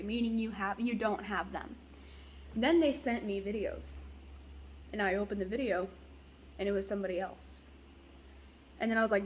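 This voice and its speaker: A woman's voice: medium pitch, steady tone, normal speed, long pauses, slight background noise. A young woman venting bluntly in a casual vlog, swearing freely as she rants. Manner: blunt, profane, ranting. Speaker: vlogger.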